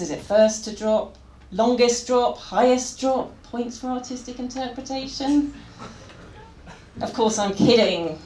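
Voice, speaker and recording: A woman performing stand-up live, with a wry, pun-loaded delivery and plenty of chat with the crowd. Her voice carries through a roomy venue, and a clear murmur of the audience sits behind it. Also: a little high. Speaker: stand-up comedian. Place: comedy venue stage. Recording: echoey venue with crowd noise.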